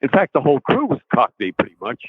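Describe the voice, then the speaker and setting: A man's voice: medium pitch, huge pitch swings, quick pace, husky, no echo, narrow, tinny audio. An older actor recalling his work in an interview, speaking hesitantly, with many restarts and ums. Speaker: guest actor. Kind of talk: interview recollection.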